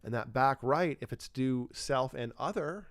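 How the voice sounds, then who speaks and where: A man's voice: medium pitch, measured pace, dry recording. A man explaining brain science in an unscripted livestream, thinking aloud with fillers and restarts. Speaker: neuroscience educator.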